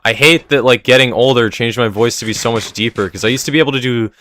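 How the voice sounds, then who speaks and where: A man's voice: mid-range voice, quick pace, a bit bright, a little hiss or hum. A young man live streaming a game, chatting loosely with his viewers and a sore throat. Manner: rambling, talks to chat between game tasks. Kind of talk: casual live-stream chat while gaming. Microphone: desk mic with noise gate.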